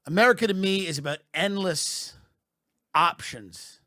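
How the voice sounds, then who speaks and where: Slow deadpan comic man, dry sound. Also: high-pitched, no echo. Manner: deadpan mock-patriotic delivery, building to loud rants. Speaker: comedian podcast host. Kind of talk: satirical comic monologue.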